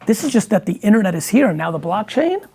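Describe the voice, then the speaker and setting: Man, casual chat, blunt and profane, husky gravelly voice. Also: high voice, very animated, quick pace, dark tone. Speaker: guest entrepreneur. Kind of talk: casual conversation.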